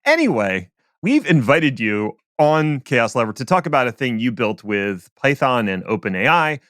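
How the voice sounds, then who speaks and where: A man's voice: mid-range voice, sing-song, a bit bright, no echo, clean studio sound. A man hosting a podcast, joking around in casual chat over a remote call. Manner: jokey, playful, quick to laugh. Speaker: podcast host.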